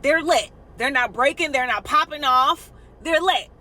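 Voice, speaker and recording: A woman doing a higher, affectionate voice for a female therapist who lists her client's strengths. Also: a little slow, pushed and bright, poor audio. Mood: admiring. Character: calm, encouraging female therapist.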